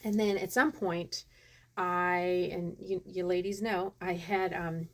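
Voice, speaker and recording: Woman, 30s, vlogger, casual animated storytelling, self-interrupting. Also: on the low side, slow pace.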